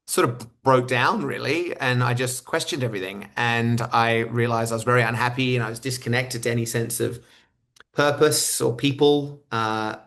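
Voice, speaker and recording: A man's voice: mid-range voice, fairly bright tone. A man in his thirties with an Australian accent, a podcast guest answering questions and often repeating words as he starts a thought. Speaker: guest speaker. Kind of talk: conversational interview answers.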